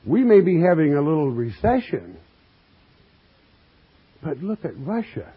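A man with a slightly high, sing-song, somewhat rough voice preaches a sermon, reading scripture and explaining it. He speaks slowly and emphatically, asking the congregation questions, dropping folksy asides and calling his listeners "friend." The recording is dull and lo-fi.

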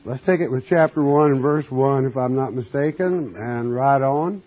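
A man preaching a sermon, reading scripture and explaining it with emphatic, folksy questions to his listeners. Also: mid-range voice. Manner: slow, emphatic, asks the congregation questions; folksy asides, addresses listeners as friend. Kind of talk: sermon, Bible exposition. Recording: dull lo-fi recording.

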